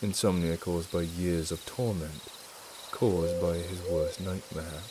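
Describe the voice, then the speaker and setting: A man narrating a dark story in a low, hushed, measured reading voice. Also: steady tone, noisy background.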